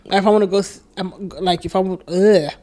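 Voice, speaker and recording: A woman's voice: on the low side, steady tone, brisk, dark tone. Laid-back young woman, casual and slangy. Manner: laid-back, slangy, swears freely, acts out family quotes. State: jet-lagged. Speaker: guest, oldest sister. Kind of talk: casual chat.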